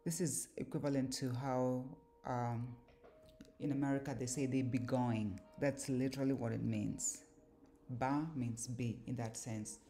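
Woman teacher, very low mellow voice, slow and deliberate, lesson delivery with "uh" pauses. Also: steady tone, faint music behind. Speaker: language and scripture teacher. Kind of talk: explanatory lesson.

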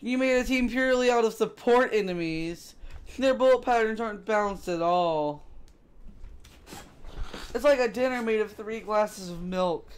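A man's voice: high voice, normal speed, clean tone. Man joking through a let's play. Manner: casual, joking, profane. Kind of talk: casual gameplay commentary.

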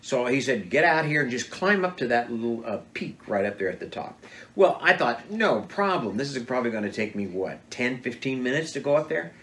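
Animated man telling a hunting tale. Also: mid-range voice, a little fast. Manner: animated, acts out quoted dialogue. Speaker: father telling hunting stories. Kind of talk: casual storytelling interview.

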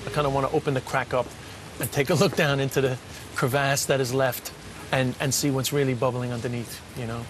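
A man's voice: medium pitch, little pitch movement, fairly quick, a little hiss or hum. A man presenting a documentary, talking earnestly and reflectively in a casual way. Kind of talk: documentary narration to camera.

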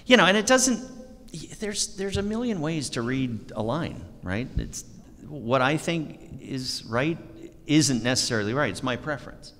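Lively self-deprecating man in echoey hall. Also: mid-range voice, moderate pace. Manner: self-deprecating, laughs often, acts out quoted remarks. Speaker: voice actor panel guest. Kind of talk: convention panel Q&A. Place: large convention hall.

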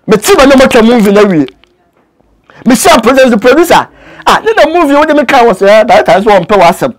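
A man's voice: high-pitched, animated, quick pace. A Ghanaian man, a native Twi speaker who works as an actor, talking in an earnest, pleading way and switching between languages. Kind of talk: casual interview talk.

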